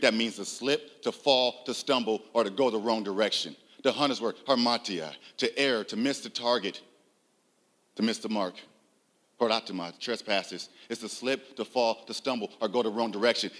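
A man preaching a sermon, emphatic, swinging from loud, raised lines to low, quiet ones and asking the audience rhetorical questions. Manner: emphatic, rising loud on key lines, drops low and soft.

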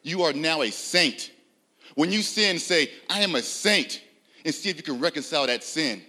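A man delivering a sermon in a bright, ringing voice. He swings between loud, raised declarations and quiet, low asides, and keeps asking his listeners questions. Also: animated, normal speed. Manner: emphatic, rising loud on key lines, drops low and soft; uses rhetorical questions and audience address. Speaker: preacher.

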